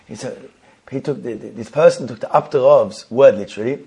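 A man's voice: mid-range voice, animated, fast, a little mellow. A man telling a Hasidic tale, often repeating and restarting himself and using Yiddish terms. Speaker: storyteller.

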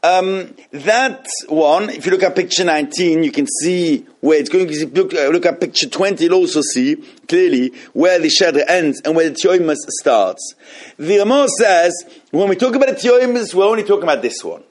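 Higher-voiced man teaching a text class. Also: animated. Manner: explains texts slowly with many restarts and repeated phrases. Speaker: Torah teacher. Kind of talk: halachic class with questions.

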